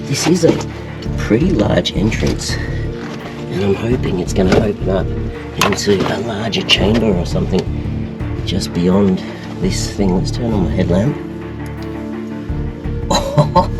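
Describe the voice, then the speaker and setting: A young Australian man vlogging as he explores inside a cave, excited and exclaiming often, recorded on an action camera. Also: low-pitched. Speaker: outdoor adventure vlogger. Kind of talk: casual exploring commentary.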